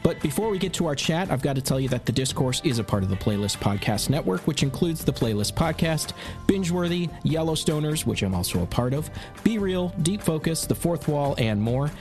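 A man's voice: a little high, sing-song, a little fast, a little mellow, soft background music. A man hosting an interview podcast, reading an upbeat scripted intro and then asking questions. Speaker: podcast host.

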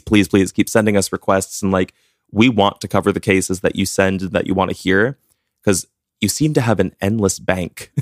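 Man, podcast co-host, casual chat, low pitch, playful, dry sound. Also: no echo. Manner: chatty, teasing, laughs often, playful impressions.

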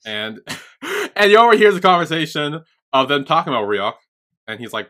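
Bright-voiced young man recapping a show. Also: a little high, big pitch swings, brisk. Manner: rambling, swears freely, acts out characters' lines. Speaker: podcast co-host. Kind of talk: casual recap chat.

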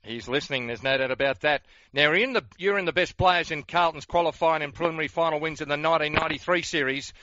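Bright-voiced Australian radio host. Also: male voice, fairly high pitch, quick pace, hardly any pauses, no room sound. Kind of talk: interview. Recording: dry, dull lo-fi sound.

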